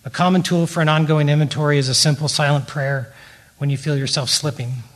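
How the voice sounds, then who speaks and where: A middle-aged man giving a prepared teaching talk at a faith-based recovery meeting, in a measured and earnest way. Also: a little high, fairly even intonation.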